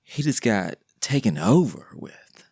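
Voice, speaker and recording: A man's voice: medium pitch, very animated, measured pace, a little mellow, husky, no echo, clean studio sound. A man hosting his own podcast, talking alone in a rambling, slangy, joking way with lots of restarts. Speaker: podcast host. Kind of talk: casual solo podcast monologue.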